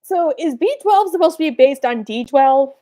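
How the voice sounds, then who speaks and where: This young woman's voice is high-pitched, warm and expressive as she chats with fans in a live Q&A. As a streamer taking their questions, she rambles, uses lots of fillers and drops in quick quoted asides.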